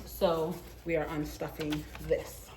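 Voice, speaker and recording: A woman's voice: low voice, flat delivery, slow, darkish tone, a little hiss or hum. A woman in a casual budgeting vlog, talking through her spending in a chatty, rambling way, often correcting herself mid-sentence. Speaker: budgeting vlogger.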